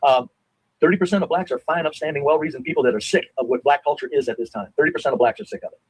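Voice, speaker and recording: A middle-aged man in a heated stream debate, blunt and insistent, sometimes swearing and dropping to a low grumble. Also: very fast, slightly rough, no room sound, low-quality recording.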